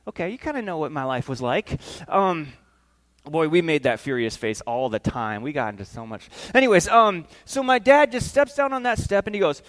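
A man's voice: fairly high pitch, moderate pace. A man preaching a sermon, telling a family story with acted-out voices and questions to the congregation. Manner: animated, acts out voices, asks the room questions. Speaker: pastor.

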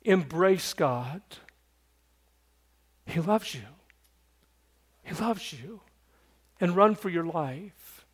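An older man preaches a sermon at a slow, deliberate pace. His voice sits fairly high for a man. He swings from lively, raised storytelling to quiet, earnest pleading. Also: slightly rough. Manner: earnest, shifts from loud storytelling to hushed pleading. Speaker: pastor.

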